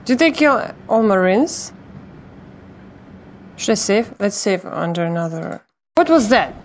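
There's a faint hiss or hum as a woman with a medium-pitched, very animated voice talks a little slowly through her let's play. Scares make her yelp and shriek, she swears plenty, and she speaks to the viewers as well as to herself.

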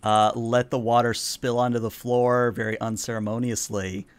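A man narrating a tabletop role-playing game as game master, relaxed and filling pauses with "uh". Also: mid-range voice, no room sound. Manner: relaxed narration with many "uh" fillers.

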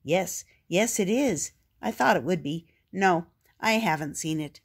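A woman voicing a keen, chatty young friend in a storybook, talking loudly and quickly. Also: fairly low pitch, animated, slightly rough, full character voice.

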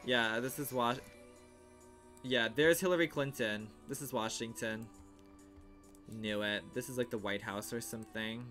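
A young man livestreaming and commenting casually on a game he is playing, in a sassy, theatrical way that swings into outraged shouts. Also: mid-range voice, steady tone, a little slow, pauses often, soft background music.

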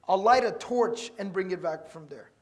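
A man with a strikingly high voice delivers a religious lecture, working through scripture verse by verse. He is earnest and repeats his key points, and he drops in Arabic terms before explaining them. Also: moderate pace. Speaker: Quran teacher.

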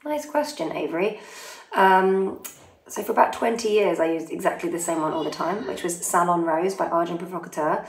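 Chatty woman with gravelly, low voice. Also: moderate pace. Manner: chatty, self-deprecating, reads names and towns before answering. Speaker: singer answering fan questions. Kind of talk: casual Q&A, reading out fan questions. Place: holiday home in Italy, family in next room. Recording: roomy echo.

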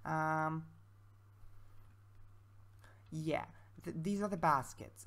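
A woman with a lowish, gravelly voice chats through her gameplay, thinking aloud as she goes. Her commentary is casual and self-mocking. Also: expressive, a little slow. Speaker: let's-play creator.

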